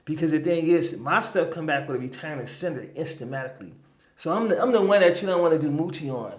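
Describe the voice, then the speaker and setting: A man telling a story as a guest in a casual interview, animated, often checking in with "right?" and "you know what I'm saying?". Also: on the high side. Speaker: guest healer.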